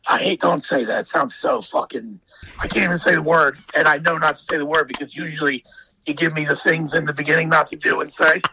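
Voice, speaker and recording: A man's voice: a little high, steady tone, a little fast, noisy background. A man talking as a podcast guest, ranting emphatically in casual, profane chat.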